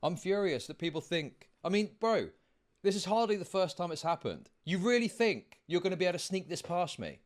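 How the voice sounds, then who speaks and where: A streamer ranting furiously, yelling insults and profanity. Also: male voice, sits high, very animated, a little fast. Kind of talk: angry streamer rant.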